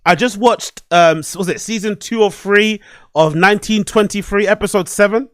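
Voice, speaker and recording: A man with a high voice hosts a solo commentary podcast, ranting at his desk microphone. He swears freely and repeats lines for emphasis. The sound is dry and close. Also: normal speed, no room sound. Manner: animated, swearing, repetitive ranting. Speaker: podcast host. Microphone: desk microphone and webcam.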